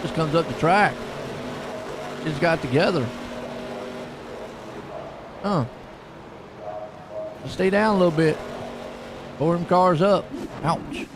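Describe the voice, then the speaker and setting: A relaxed man with a drawl, commentating a sim race in a fairly high voice. He takes his time, chats and chuckles between calls. Car engines roar clearly under his voice. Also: takes it slowly, long pauses, noisy background. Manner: laid-back, chuckling, chatty between calls. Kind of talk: sim racing play-by-play commentary.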